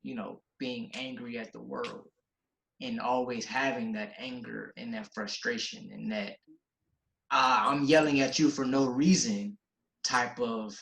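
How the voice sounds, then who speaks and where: A man's voice: mid-range voice, fairly even intonation, unhurried, creaky, fairly bright tone, echoey room, low-quality recording. A man co-hosting a casual podcast, talking earnestly and reflectively about himself. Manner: earnest, reflective, starts and restarts. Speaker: podcast co-host.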